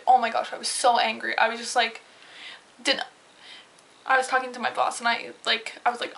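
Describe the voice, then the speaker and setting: A woman's voice: on the high side, level tone, fairly quick, creaky, fairly bright tone, low-quality recording. A young woman talking in a casual confessional vlog, rambling and heated, with lots of fillers and swearing. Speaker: vlogger.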